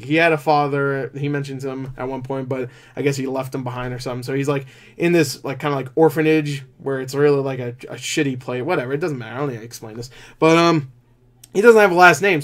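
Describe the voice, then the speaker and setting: A man reviewing a movie in casual, rambling talk, full of fillers and offhand swearing, with sudden jumps in loudness. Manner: excitable, quick shifts in loudness and pitch.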